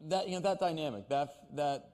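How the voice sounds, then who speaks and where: A man's voice: fairly high pitch, brisk, a little mellow, in a large hall. A man interviewing on stage, asking rambling questions and repeating words as he goes. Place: on a stage before an audience.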